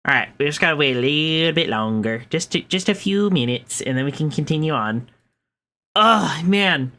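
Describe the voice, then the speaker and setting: A young woman chatting casually to her viewers while streaming a game, excitable and talking to her cat. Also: low-pitched, moderate pace. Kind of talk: casual live stream chat.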